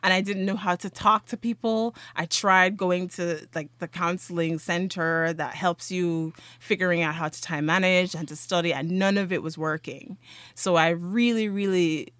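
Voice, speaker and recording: A woman talks through her memories in an easy, conversational way. Her voice is bright and forward, and she slips into the voices of the people she quotes with plenty of laughter. The sound is close and dry, with no room echo. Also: lowish voice, normal speed. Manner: animated, laughs often, acts out quoted voices. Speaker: guest. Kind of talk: casual conversational storytelling.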